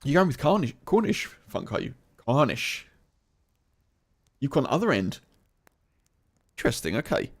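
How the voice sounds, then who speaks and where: A man's voice: mid-range voice, very animated, normal speed, creaky, pauses often, breathy edge. A man in his forties from England, chatting and musing with hesitant restarts as he comments on a game playthrough. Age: 40s. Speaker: gaming YouTuber.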